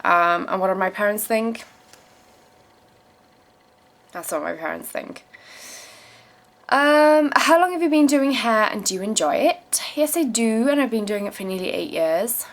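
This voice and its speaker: A woman's voice: a little high, animated, a little slow, pauses often. A young woman from South Africa, her accent tinged with English, reading viewer questions aloud and answering them in a blunt, casual vlog with plenty of swearing. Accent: South African mixed with English. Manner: emphatic repeated phrases when giving advice.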